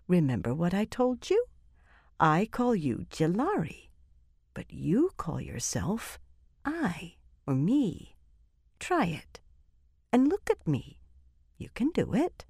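A woman reading an audiobook voices a patient young woman who speaks softly and encouragingly, as if to a child. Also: fairly low pitch, huge pitch swings, slow, pauses often, husky, no room sound, studio quality, pitched above the performer's own voice, heavily acted. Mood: coaxing. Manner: coaxing, soft, encouraging as if to a child.

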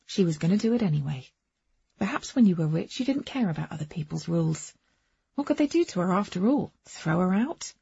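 A woman's voice: on the low side, very animated, brisk, creaky, dark tone, slightly rough, no room sound. A woman reading a first-person novel aloud with wry, understated delivery, on a dull, muffled recording. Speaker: audiobook narrator.

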